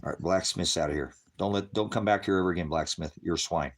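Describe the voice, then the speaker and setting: A very low-voiced man preaching live to an online audience. He curses constantly and belittles viewers. He lurches from loud outbursts to low mutters. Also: fast. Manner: profane, combative, berating viewers; loud, swings between shouting and muttering. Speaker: livestream preacher. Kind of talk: ranting livestream preaching to chat.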